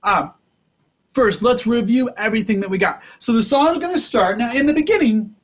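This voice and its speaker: A man's voice: very high voice, moderate pace. A man teaching a kids' music lesson, upbeat and instructive, talking directly to the children.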